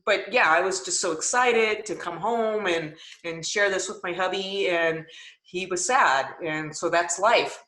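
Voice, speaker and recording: A woman's voice: on the low side, measured pace, pushed and bright, roomy sound, rough recording. A woman coach sharing her takeaways on a group call, emotional and enthusiastic.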